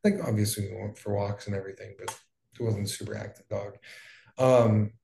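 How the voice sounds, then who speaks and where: A man's voice: lowish voice, fairly even intonation, a little fast, vocal fry, warm tone. A young man from Hawaii telling his story in casual, rambling talk, full of fillers and swearing. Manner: loose, profane, rambling with fillers. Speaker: wildfire survivor guest. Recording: echoey room.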